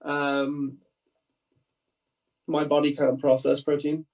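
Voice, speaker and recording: A man on a video chat, answering in a hesitant way with a lot of pauses and ums. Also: fairly high pitch, completely flat delivery, far from the mic, lo-fi sound. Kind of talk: casual chat.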